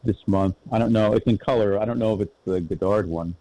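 A man's voice: lowish voice, a little fast, mellow, no echo, low-quality recording. A man in casual conversation, blunt and opinionated. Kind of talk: casual chat.

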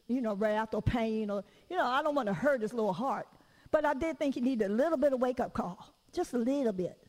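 A woman preacher giving a lively, conversational sermon in church. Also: fairly high pitch, big-room sound, poor audio. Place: church during a service.

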